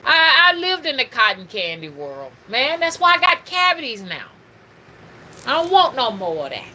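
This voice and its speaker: A woman's voice: sits high, huge pitch swings, moderate pace, pushed and bright, slight background noise, rough recording. A middle-aged woman, talking casually and preachily to her livestream viewers, calling them y'all. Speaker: spiritual reader and livestream host.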